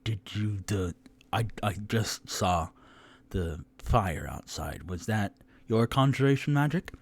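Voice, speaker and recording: A man's voice: lowish voice, lively intonation, takes it slowly, creaky, no echo, heavily acted. A man voicing an eager, bespectacled male half-orc in a tabletop game, curious and easily flustered. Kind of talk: tabletop role-play voice.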